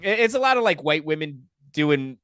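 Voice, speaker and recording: A young adult man, a podcast guest, telling a personal story in a profane, animated, casual way. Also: a little high, moderate pace, smooth, no room sound, clean studio sound.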